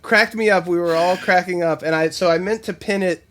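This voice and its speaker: A man co-hosting a casual podcast, his voice pitched a little on the high side. He tells stories loosely and breaks into laughter as he goes. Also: fairly even intonation, a little fast, a bit bright. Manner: laughs while telling stories. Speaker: podcast co-host. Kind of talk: casual chat.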